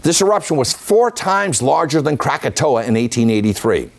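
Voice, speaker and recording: A man's voice: mid-range voice, very animated, moderate pace, vocal fry. A man giving an illustrated history talk as a folklorist, reciting dates and figures steadily with chatty asides to the audience. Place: senior center meeting room.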